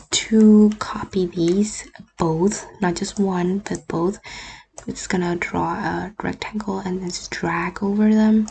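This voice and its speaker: A woman whose first language is not English, talking through a screen-recorded editing tutorial in a relaxed, often half-whispered way. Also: fairly low pitch, creaky, a little hiss or hum. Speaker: YouTuber. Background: faint keyboard and mouse clicks.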